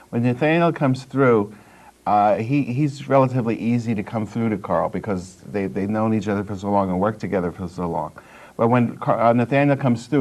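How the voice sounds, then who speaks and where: A man's voice: fairly low pitch, darkish tone. A man guesting on a talk show, earnestly explaining and recounting experiences in a storytelling way. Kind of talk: studio talk show discussion.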